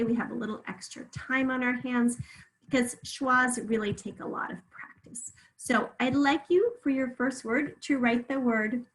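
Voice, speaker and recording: A woman teaching a remote phonics lesson, patiently drawing words out slowly so listeners can hear each sound. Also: fairly high pitch, rough recording.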